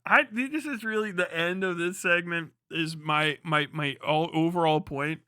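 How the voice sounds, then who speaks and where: A young male streamer from the United States rants bluntly, swearing freely. His voice sits high for a man and sounds very bright and sharp. The sound is close and dry, with no room around it. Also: normal speed, clear, resonant tone, no echo. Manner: blunt, profane, ranting. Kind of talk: casual live-stream commentary.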